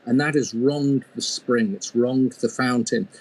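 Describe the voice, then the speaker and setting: A man's voice: medium pitch, unhurried, darkish tone, poor audio. A man voicing a stressed, self-pitying devil in a told folk tale, complaining in a whiny, put-upon way. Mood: explaining.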